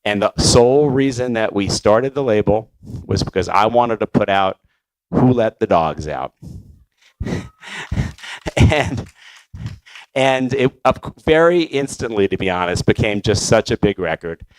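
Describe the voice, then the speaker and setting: Low-voiced man telling his story. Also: animated, unhurried, long pauses, no echo, poor audio. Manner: conversational with many fillers and restarts. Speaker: record label founder. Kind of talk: conference talk storytelling.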